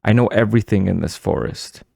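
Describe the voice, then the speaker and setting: A man's voice: lowish voice, brisk, gravelly, warm tone, dry recording, clean studio sound. A man voicing a stern, mysterious woman of the forest who gives solemn commands in an audiobook. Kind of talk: audiobook character voice.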